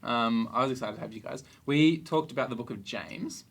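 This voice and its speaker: Young man, youth group host, casual podcast chat, gravelly, easygoing and joking. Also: medium pitch, fairly quick. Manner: chatty and easygoing, laughs often, joking.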